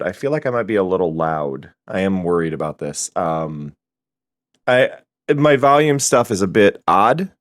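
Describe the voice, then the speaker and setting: A man's voice: deep voice, sing-song, moderate pace. A man streaming live from home, chatting casually in a rambling way with many restarts.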